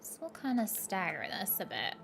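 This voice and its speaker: A woman's voice: medium pitch, very animated, moderate pace, gravelly, loud music behind the voice. A young woman chatting casually and playfully as she plays a game on a live stream, laughing often.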